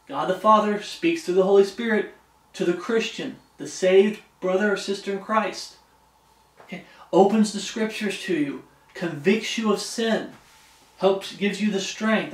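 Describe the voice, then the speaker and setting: Guy preaching a bible study, high-ish voice, sounds far from the mic. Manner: reads scripture aloud, keeps checking in with "Okay?". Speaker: pastor. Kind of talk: expository Bible sermon. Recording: echoey room, voice from a distance.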